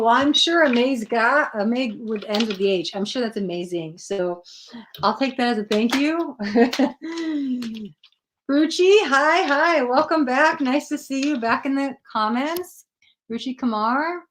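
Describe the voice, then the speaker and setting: A woman hosting a tarot livestream in a casual, chatty way, greeting viewers by name and laughing at herself when she stumbles over names. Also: mid-range voice.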